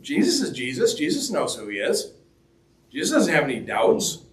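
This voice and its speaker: Huge pitch swings mark this man's voice, which sits on the high side, and he moves at an ordinary pace. He preaches in a relaxed, joking style inside a church hall, dramatizing the lines he quotes, captured by a distant mic with plenty of echo.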